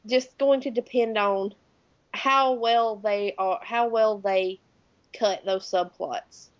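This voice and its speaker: A woman's voice: mid-range voice, no echo, highs cut off. A woman of around thirty with a Southern US accent, co-hosting a podcast in casual, chatty conversation. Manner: chatty, talks louder and faster when excited. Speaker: podcast co-host. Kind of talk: casual chat.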